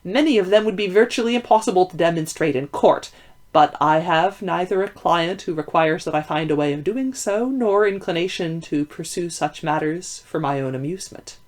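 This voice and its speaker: Woman reader doing a calm, probing Victorian gentleman detective, lower and quieter than her own voice, measured and formal, storybook reading. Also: natural voice. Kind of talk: audiobook reading.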